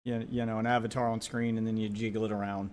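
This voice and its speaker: An American man giving casual reaction commentary, blunt, sarcastic and quick to swear. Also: on the low side, level tone, a little mellow. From United States.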